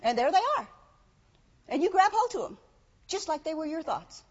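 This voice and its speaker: A woman's voice: sits high, sing-song, moderate pace. A woman preaching a sermon in a conversational way, asking rhetorical questions and reading scripture. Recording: dull lo-fi sound, long hall reverb.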